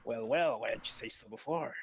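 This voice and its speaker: A man's voice: medium pitch, a little fast, slight background noise, lightly acted. A man voicing a pompous male goblin slave trader in a tabletop game, smug and salesy. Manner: smug, salesy, self-important.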